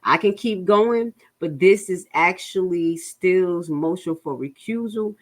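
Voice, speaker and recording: A woman with a New Jersey accent works through a legal filing for her viewers, reading in halting stretches full of fillers and restarts. Her voice sits a little low and she breaks off now and then to talk straight to her audience. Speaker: legal commentary host.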